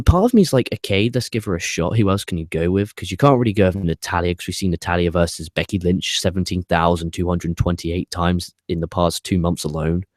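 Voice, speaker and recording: A man with a deep, low voice hosts a casual review, ranting opinionatedly and swearing as he wanders off on tangents. The recording is dry and close, with no room sound. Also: darkish tone, dry recording. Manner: rambling with tangents and restarts. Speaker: wrestling show reviewer, host.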